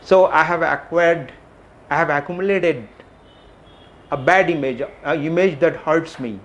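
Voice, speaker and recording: A middle-aged man giving a reflective public talk, asking questions and repeating phrases with frequent pauses. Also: fairly high pitch, a bit bright. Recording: faint background noise.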